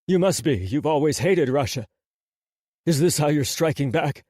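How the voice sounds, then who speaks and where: A man's voice: a little high, expressive, moderate pace, a little mellow, no echo, pitched above the performer's own voice. A man voicing a shaken middle-aged male judge who speaks urgently and in disbelief, in an audiobook reading. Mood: shocked, pleading.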